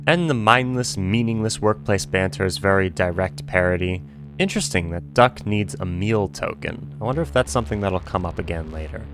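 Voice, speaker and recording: A man's voice: low-pitched, fairly quick, faint music behind. A man talking through a video analysis of a show in a wry, joking and speculative way. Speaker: commentary host.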